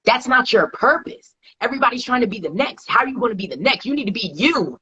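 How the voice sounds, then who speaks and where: A woman speaks with a husky, slightly breathy voice, driving her points home with repetition and conviction. Her emotion sits close to the surface. The audio is dull and low-fidelity, like a live video call. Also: big pitch swings, quick pace, sharp tone. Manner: emphatic, faith-driven, repeats for stress. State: tearful, close to crying. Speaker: guest, TV host. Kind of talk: live interview conversation.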